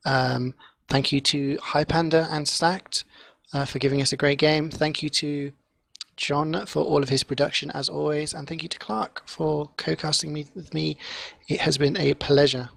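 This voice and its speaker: Gravelly, slightly high man casting. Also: moderate pace, no room sound. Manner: relaxed, chatty, laughs easily. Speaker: caster. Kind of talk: casual post-match chat. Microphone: online voice chat.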